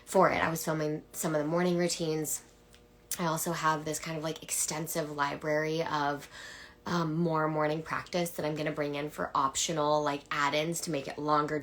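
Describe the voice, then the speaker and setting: Young woman coach, low-ish voice, earnest and casual, slips into whispers. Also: a bit bright. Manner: earnest, breathy drops to a whisper; swears casually. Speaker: coach and mentor. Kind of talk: casual live-stream pitch.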